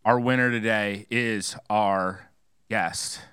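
A man's voice: on the low side, fairly even intonation, slow, sharp tone, smooth, no echo, studio quality. A man hosting a debate show, announcing results in a joking way. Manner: joking, wrapping up. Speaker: host.

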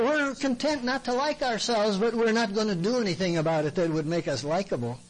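A man's voice: sits high, expressive, brisk, hardly any pauses, rough recording. Earnest folksy male Christian counselor. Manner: earnest, folksy, acts out what people say to him. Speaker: Christian counselor speaking to men. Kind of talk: plain-spoken sermon talk.

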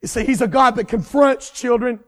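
A man preaching a sermon with fervent, repetitive cadences that swell into shouts. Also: extremely high pitch, moderate pace, long reverb tail.

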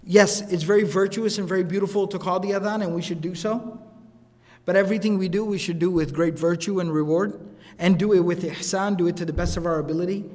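Fast-talking man lecturing in a reverberant hall. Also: high-pitched, fairly even intonation, darkish tone. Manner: conversational, recites Arabic quotations quickly, keeps asking "right?". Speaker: teacher. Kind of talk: recorded religious lecture.

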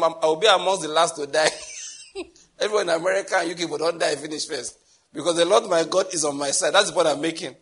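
Nigerian male pastor, husky tone, chatty sermon delivery with repeats and chuckles. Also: a little high, fairly bright tone. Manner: conversational preaching with repetitions and chuckles.

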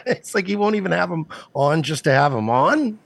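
Casting note sardonic male co-host, gravelly, swings widely in pitch, dry sound. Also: sing-song, moderate pace, fairly bright tone, no room sound. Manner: sardonic, crude. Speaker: podcast co-host. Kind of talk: casual commentary chat.

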